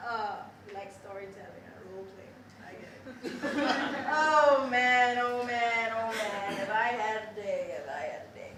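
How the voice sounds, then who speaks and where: A woman on stage playing a restless young zookeeper who tells a story in a profane, animated rant. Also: medium pitch, unhurried, crowd noise, lightly acted. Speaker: stage performer. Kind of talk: theatrical monologue. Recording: echoey hall heard from far off, faint noise.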